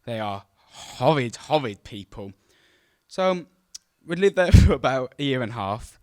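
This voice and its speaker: A young man telling a true story on stage, animated and self-mocking as he acts out the scenes. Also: medium pitch, unhurried, dry recording, studio quality. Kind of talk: live storytelling to an audience. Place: stage at a live event.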